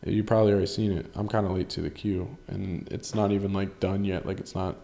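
A man with a fairly low, gravelly voice chats on his own podcast. His tone is dark and relaxed as he rambles, swears freely and pokes fun at himself. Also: fast talker. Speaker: podcast host. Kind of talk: casual solo podcast chat.

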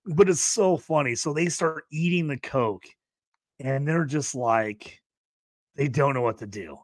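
A man hosting a casual movie review podcast, animated and laughing, acting out quotes in the talk. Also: mid-range voice, a little slow, dry recording. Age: adult who grew up in the eighties. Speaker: podcast host.

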